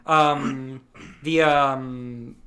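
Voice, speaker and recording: A young man co-hosting a casual podcast, speaking haltingly as he searches for words. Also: medium pitch, steady tone, pushed and bright. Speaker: podcast co-host. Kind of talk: casual chat.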